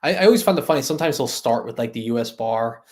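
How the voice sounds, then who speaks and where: A man's voice: mid-range voice, expressive, quick pace. A man hosting a live stream, chatting loosely with viewers, laughing and trying out impressions of other creators. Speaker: host.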